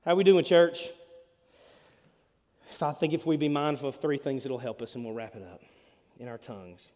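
A man, preaching a sermon as pastor, telling stories with big swings between loud and hushed delivery. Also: medium pitch, moderate pace. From Alabama. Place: church hall. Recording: long hall reverb.

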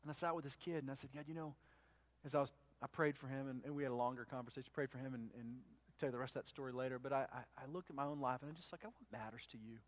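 A man's voice: medium pitch, fairly even intonation, rapid-fire. A male pastor telling a personal story in a sermon, speaking conversationally with many restarts and quoting both sides of the conversation. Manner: conversational, restarts and quotes himself. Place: church.

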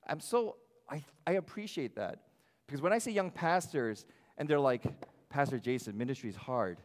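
A man preaching a sermon as pastor, animated and shifting his loudness, often acting out the voices of others. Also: mid-range voice, moderate pace, big-room sound. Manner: animated, varies loudness, acts out quoted voices. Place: church sanctuary.

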